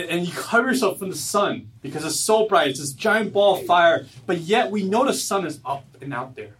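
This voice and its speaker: A man preaching a sermon at a church service, earnest, swinging from loud emphatic lines to low quiet ones. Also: recorded from a distance, poor audio. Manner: earnest, rises loud then drops low and soft. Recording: voice from away from the mic.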